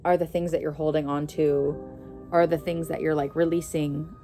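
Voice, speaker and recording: A woman's voice: low voice, flat delivery, normal speed, mellow. A woman giving a casual tarot reading, rambling and correcting herself as she goes, with an occasional giggle. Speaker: psychic tarot reader. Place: indoors at home. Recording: instrumental music playing behind.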